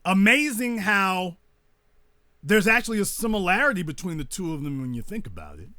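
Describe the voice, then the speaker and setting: Forceful and bright, the man's high voice carries his commentary monologue with no room sound at all. As host, he drives points home through preacher-style repetition, scornful and indignant throughout.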